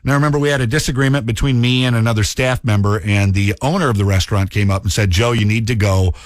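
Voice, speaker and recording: A man's voice: mid-range voice, fairly even intonation, fast talker, no echo, clean studio sound. A man with a Minnesotan accent hosting a radio show, talking casually in a chatty, self-mocking way. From Minnesota, USA. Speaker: radio host.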